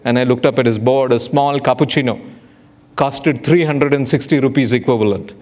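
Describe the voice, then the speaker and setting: A man's voice: mid-range voice, steady tone, normal speed, darkish tone. A man giving a public lecture, rhetorical and playful, often putting questions to the audience. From India. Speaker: guest lecturer.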